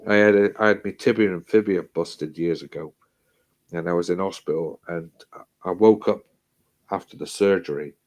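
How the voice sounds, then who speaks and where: A man's voice: low voice, moderate pace, darkish tone. A man telling a hospital story in casual chat, swearing freely, repeating himself and acting out what people said.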